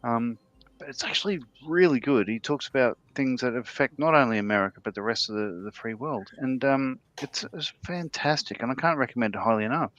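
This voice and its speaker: A man's voice: mid-range voice, animated, a bit bright, no echo, lo-fi sound. A man chatting casually on a livestream, rambling and often restarting his sentences. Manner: rambling, halting, with frequent restarts and laughs. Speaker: livestream co-host. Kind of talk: casual chat while building models.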